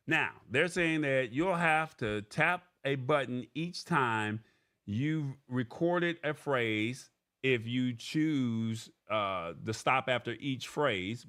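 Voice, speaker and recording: A man hosts a live tech news stream and talks through an article point by point. His voice sits at an ordinary middle pitch for a man. He keeps checking in with the audience by asking "all right?". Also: a bit bright. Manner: explains step by step, often adding "all right?"; paraphrases an article aloud. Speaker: tech news show host.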